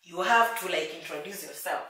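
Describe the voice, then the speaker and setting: A woman in her thirties telling her story as an interview guest, animated and laughing often, acting out the voices she quotes. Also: on the low side, fairly quick. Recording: echoey room, mic at a distance.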